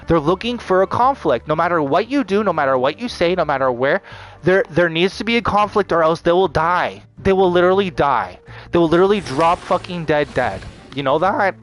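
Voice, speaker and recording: A man's voice: a little high, lively intonation, fairly quick, a bit bright, faint music behind. A man venting in a vlog monologue, swearing often and repeating himself with lots of fillers. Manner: profane, repetitive ranting with many fillers. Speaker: vlogger.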